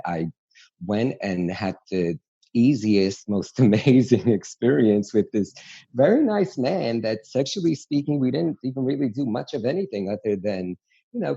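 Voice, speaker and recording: A gravelly, husky man tells stories in a lively, chatty way. His voice sits low and mellow. The audio sounds dull and lo-fi, as if over a remote line. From New York City. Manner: animated, chatty, frank storyteller. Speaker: guest. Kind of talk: candid storytelling interview.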